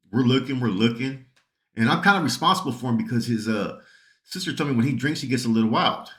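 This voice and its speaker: A man's voice: medium pitch, a bit bright, reverberant. A man casually telling a club story, rambling and swearing, often checking in with "right?". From San Jose area, California. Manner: profane, rambling, peppered with "right?". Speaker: channel host telling stories.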